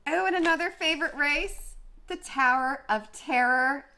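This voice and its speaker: Young woman vlogger, chatty and gushing, bright forward tone. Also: high-pitched, measured pace. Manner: chatty, gushing, many fillers and restarts. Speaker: running vlogger. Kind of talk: casual chat.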